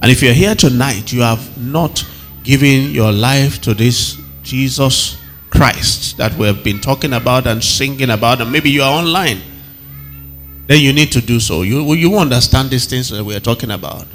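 A man's voice: mid-range voice, moderate pace, a bit bright, faint music behind. A man preaching an evening sermon, emphatic, calling for responses and repeating his phrases. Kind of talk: evening sermon to a live and online congregation.

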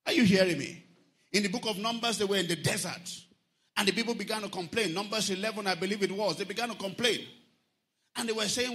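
A man preaching a lively sermon, often lifting his voice into a sing-song and asking the congregation whether they are following. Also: sits high, fast talker. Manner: animated preaching, sing-song emphasis, asks the congregation questions.

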